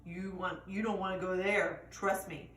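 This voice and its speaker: A mean, streetwise male German Shepherd, put on by a woman, who hands out warnings in a bossy, bright voice. The sound is roomy and heard from a distance, with faint noise. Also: lowish voice, fairly even intonation, normal speed, lightly acted.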